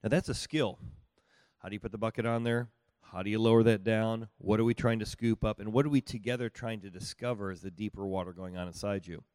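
A man's voice: on the low side, steady tone, fast, a little mellow, clean tone, no room sound. A middle-aged man, a pastor, teaching on marriage and listening in a folksy, conversational way, often asking his listeners whether it makes sense. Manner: conversational, folksy, asks the audience rhetorical questions.

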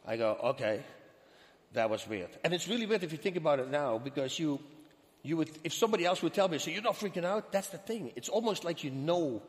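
A man with a Dutch accent, a guest in an interview, telling a story in an animated way and acting out the dialogue. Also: fairly high pitch, quick pace. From Netherlands. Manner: animated, acts out quoted dialogue. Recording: long hall reverb.

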